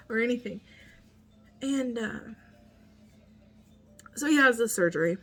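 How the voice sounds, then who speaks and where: Woman in her thirties, soft-spoken, halting delivery, personal storytelling, faint music underneath. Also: medium pitch. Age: 30s. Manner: halting, soft-spoken, pauses and restarts, often near a whisper. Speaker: mother sharing her story.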